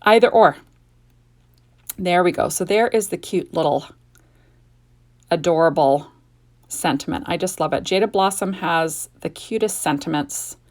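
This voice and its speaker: A woman's voice: fairly low pitch, a little slow, pauses often. Chatty middle-aged woman crafting. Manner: chatty, gushing, rambling asides. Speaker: card-making video host. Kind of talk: casual craft tutorial chat.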